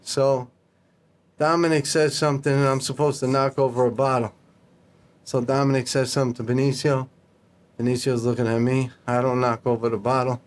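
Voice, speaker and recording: A man telling stories as a podcast guest in a casual, animated, profane way, acting out the dialogue. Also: mid-range voice, normal speed, slight background noise. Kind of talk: casual storytelling.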